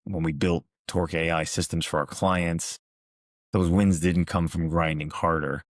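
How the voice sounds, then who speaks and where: A man with a very low, deep voice gives a reflective motivational talk. He tells his stories in a calm, measured, earnest way. The sound is close and dry, with no room echo. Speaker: motivational speaker and coach.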